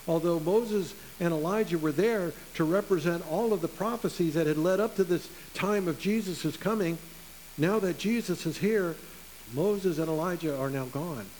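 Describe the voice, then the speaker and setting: Male preacher, earnest sermon delivery, slightly higher voice, light tape hiss. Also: darkish tone, low-quality recording. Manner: earnest, with slow emphatic stresses. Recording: faint hiss.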